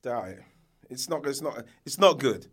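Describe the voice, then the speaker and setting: Animated, laughing male co-host. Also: medium pitch, normal speed. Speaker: podcast co-host. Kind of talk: casual podcast chat.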